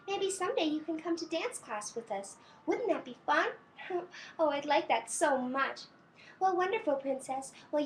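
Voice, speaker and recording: Belle, a sweet high-voiced princess played by a young woman. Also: a little hiss or hum. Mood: cheerful. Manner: sugary sing-song voice with soft giggles; talks slowly to a toddler, pausing for answers. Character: sweet cheerful young princess, gentle and doting. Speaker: costumed princess character. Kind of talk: personalized birthday greeting to a small child.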